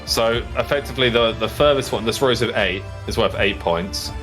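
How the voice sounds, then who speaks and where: A man's voice: mid-range voice, normal speed, music in the background. A man narrating as game master of a tabletop game, in a casual, rambling way full of fillers.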